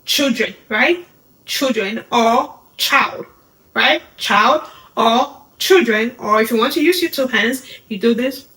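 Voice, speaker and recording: A woman teaching a beginner sign language lesson, upbeat and patient, repeating each word slowly as she demonstrates. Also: on the high side, sharp tone, low-quality recording. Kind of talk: instructional video lesson.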